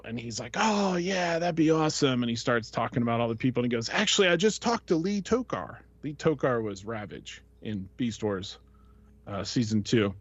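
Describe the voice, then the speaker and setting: A man's voice: medium pitch, no echo. A man hosting a podcast, telling a casual, rambling story full of fillers and voices he quotes. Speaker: podcast host. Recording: dull lo-fi, dry sound.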